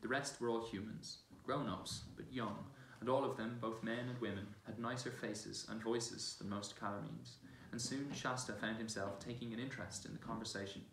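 A man's voice: lowish voice, fairly even intonation, normal speed, few pauses, a bit bright. Man reading aloud in a church. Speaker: reader. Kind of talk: reading a children's novel aloud. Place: large church. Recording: roomy church from far off, faint hiss.

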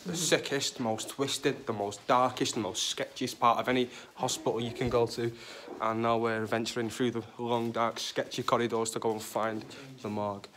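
A man talks excitedly into his camera while exploring an abandoned hospital, a bit out of breath with adrenaline. His voice sits at an ordinary middle pitch. The audio is noisy, with clicks. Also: moderate pace, few pauses. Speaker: urban explorer vlog host. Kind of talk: excited handheld exploring commentary. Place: inside a large abandoned hospital.

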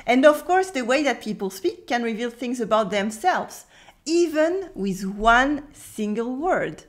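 A French woman from France explaining spoken French in a scripted lesson, slowing down to model pronunciations. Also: a little high, lively intonation. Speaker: French teacher.

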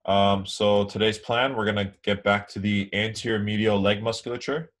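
A man's voice: on the low side, normal speed. A young man giving an anatomy lecture online, explaining casually with many ums. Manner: relaxed, filler-heavy explaining.

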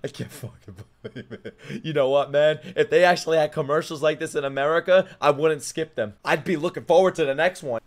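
A young man reacting to videos, excitable and swearing, breaking into shouts and laughter. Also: fairly high pitch, a little fast, few pauses. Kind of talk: loud reaction commentary.

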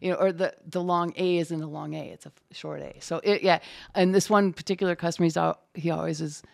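Mujer de voz grave y rasposa. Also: female voice, lowish voice, fast talker. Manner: chatty, animated storyteller. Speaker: closed captioner, guest. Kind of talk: casual interview talk.

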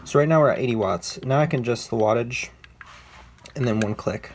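A man casually walking viewers through a device's menu settings in a relaxed, conversational way, correcting himself as he goes. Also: mid-range voice, brisk. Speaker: product reviewer. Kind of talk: casual how-to demonstration.

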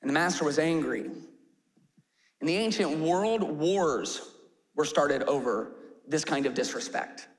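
A man preaching a sermon as pastor, telling a parable in an animated way and shouting out rhetorical questions. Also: on the high side, a little slow, long pauses. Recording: live sermon with long hall reverb.

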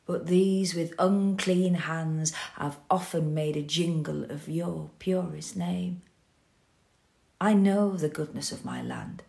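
Slow, gravelly woman reading a poem. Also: lowish voice, sing-song, mellow. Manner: slow and grave, dropping to whispers and rising to cries. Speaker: poetry reader. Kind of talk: dramatic poetry reading.

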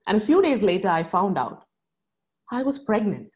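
Woman in her 30s, earnest live storyteller with dramatic pauses, slightly muffled recording. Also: medium pitch, very animated. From South India.

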